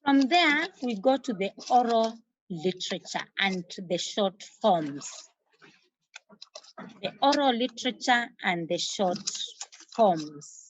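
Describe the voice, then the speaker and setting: A woman teacher with a Kenyan accent giving an exam revision lesson, repeating key terms slowly for emphasis. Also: mid-range voice, lively intonation, slight background noise. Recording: dull lo-fi recording.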